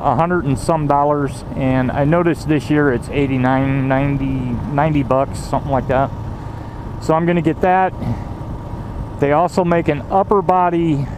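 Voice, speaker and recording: A man's voice: a little high, noisy background. A man casually reviewing his riding gear, rambling with lots of fillers and restarts and some swearing.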